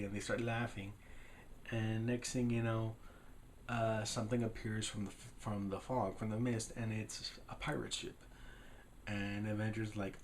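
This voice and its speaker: A man's voice: fairly low pitch, fairly even intonation, normal speed, a little hiss or hum. A man giving a casual, rambling recap of a film's plot as a reviewer, slipping loosely into the characters' lines as he goes. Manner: rambling, retells scenes with loosely acted quotes. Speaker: film reviewer.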